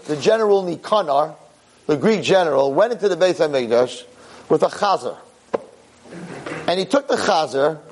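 A man giving a Torah lecture as a rabbi, impassioned, dropping low and grave then rising into sharp outbursts. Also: slight background noise.

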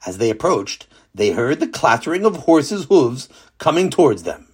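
Animated man telling a children's story. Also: medium pitch, moderate pace, slightly rough. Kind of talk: children's story narration with a lesson.

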